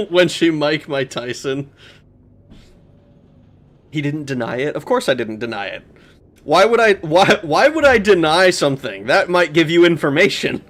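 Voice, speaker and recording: A man's voice: a little high, very animated, measured pace, fairly bright tone. A man streaming a game, chatting casually, rambling, swearing and answering his chat. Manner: rambling, swears, laughs, talks back to chat. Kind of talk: casual gameplay commentary.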